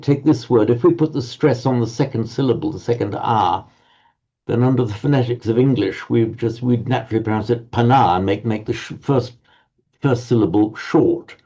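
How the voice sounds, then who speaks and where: A man's voice: medium pitch, moderate pace, warm tone. A man teaching Pali pronunciation to a group class, patiently correcting students and often repeating words while he searches for the next one. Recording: dull lo-fi audio.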